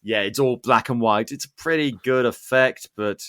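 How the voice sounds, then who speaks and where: A man's voice: medium pitch, normal speed, smooth. Man hosting a casual film-review podcast. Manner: animated, sarcastic asides. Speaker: podcast host.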